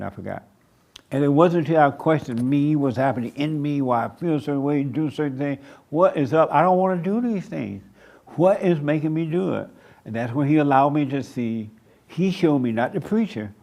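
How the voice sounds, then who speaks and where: An older man preaching in a plain, slow, storytelling way, acting out what people say. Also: medium pitch, vocal fry. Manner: slow, plain-spoken, storytelling with acted-out quotes. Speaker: pastor. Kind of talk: sermon answering questions. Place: church meeting room.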